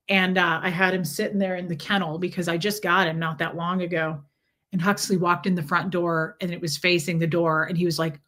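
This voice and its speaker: Middle-aged woman on a livestream, bright crisp voice, chatty, coos at a kitten now and then. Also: lowish voice. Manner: chatty, reads out chat messages, coos at a kitten. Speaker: livestream host. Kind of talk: casual livestream chat.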